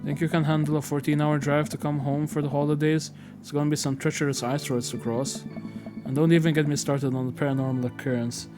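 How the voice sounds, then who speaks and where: A man's voice: fairly high pitch, little pitch movement, brisk, over music, natural voice. A man reading as a doting middle-aged dad. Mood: earnest. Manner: soft, sentimental, fatherly. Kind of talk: reading game dialogue aloud.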